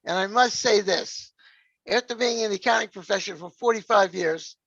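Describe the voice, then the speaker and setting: A man's voice: sits high, normal speed, vocal fry, fairly bright tone, no echo. A man, hosting a podcast in a chatty, joking way. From New York area. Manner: chatty, jokey, peppers lines with "all right?". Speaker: podcast host. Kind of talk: casual podcast chat. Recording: dull, dry lo-fi sound.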